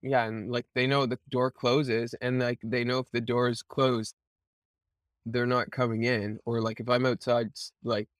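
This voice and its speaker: A man in his thirties, a podcast host chatting casually and telling animated family stories, swearing freely. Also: mid-range voice, measured pace, no echo, clean studio sound. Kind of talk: casual chat.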